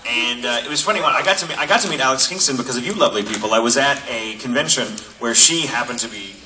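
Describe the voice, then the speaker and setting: A male voice actor on a convention panel, telling lively anecdotes and slipping into voices. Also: mid-range voice, quick pace. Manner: animated storytelling with put-on voices. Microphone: phone in audience. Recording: distant phone recording with noise.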